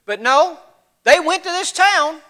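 A man preaching a sermon in a folksy, animated storytelling way, his voice getting cracky. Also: extremely high pitch, unhurried. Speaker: pastor.

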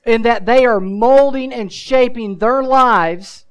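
Smooth-voiced male pastor preaching. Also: very high voice, takes it slowly, low-quality recording. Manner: earnest, emphatic preaching with rhetorical questions; casual asides mixed with scripture. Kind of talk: sermon.

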